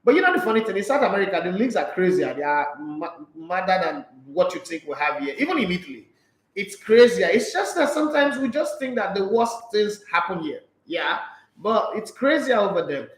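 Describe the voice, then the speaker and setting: A Nigerian man hosting a casual sports live stream, reading out viewer comments and answering in a blunt, animated way, slipping into Pidgin. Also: sits high, a little fast, reverberant, low-quality recording.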